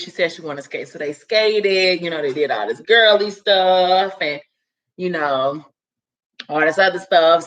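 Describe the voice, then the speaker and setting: A woman with a fairly low, slightly bright voice casually recaps a story, chatting away with plenty of "like" and "you know" and voicing the characters' lines herself.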